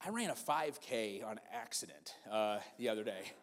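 A pastor in his forties preaching a sermon, moving between loud, emphatic preaching and quiet, conversational storytelling. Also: lowish voice, expressive, moderate pace, big-room sound. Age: 40s.

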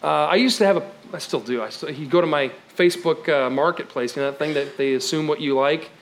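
High-voiced emphatic male preacher. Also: fast, slight background noise. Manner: emphatic, swings from loud exclamations to quiet lows; conversational, with light laughs. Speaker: pastor. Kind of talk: sermon.

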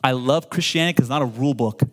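This man in his forties, a pastor, delivers a lively sermon full of call-and-response, stumbling over and repeating words as his excitement builds. He speaks at a medium pitch and races along.

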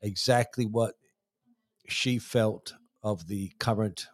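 A man's voice: on the low side, steady tone, slow, dry recording. A man co-hosting a live podcast, rambling and making cheeky jokes. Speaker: podcast co-host. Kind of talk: casual live podcast banter. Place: small side room at a political event.

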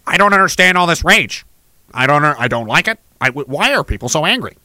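A man voicing a clueless, sheepish boyfriend who mumbles in a baffled, halting way. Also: fairly high pitch, big pitch swings, pushed and bright, no echo, voice pushed down, full character voice.

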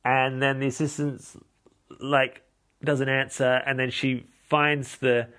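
Man, podcast host, deadpan, rambling, mid-pitched voice. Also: slow. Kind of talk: comic film recap.

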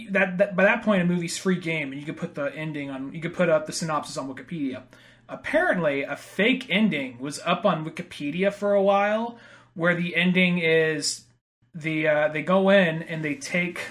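A man's voice: a little high, a bit bright. A man co-hosting a casual movie talk, rambling and acting out quotes with casual swearing.

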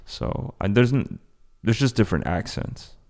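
A man's voice: fairly low pitch, lively intonation, moderate pace, darkish tone. A young man from France co-hosting a podcast, chatting casually and rambling with lots of fillers. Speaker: podcast co-host.

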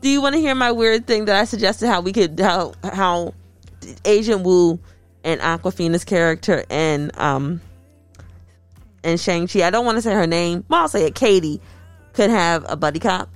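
A woman co-hosting a casual chat, talking in a chatty, animated and playful way. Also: on the low side, moderate pace, dry recording, faint music behind.

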